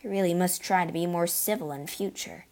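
A proud young male swordsman, as a woman reads him aloud. He bristles with indignation and pride, in a lowish voice. A storybook reading rather than a full act. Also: brisk, darkish tone, natural voice. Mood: polite. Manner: hot-headed, indignant.

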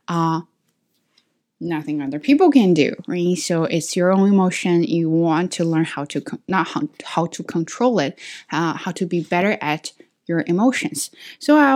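A woman's voice: on the low side, a little mellow. A woman teacher, not a native English speaker, talking her students through a reflective lesson with frequent restarts and self-corrections.

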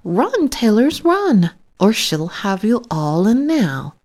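A woman's voice: mid-range voice, sing-song, slow, a little mellow, voice pushed up. A woman voicing a chorus of tiny merry mice who chant rhymes in little twittering voices for a storybook.

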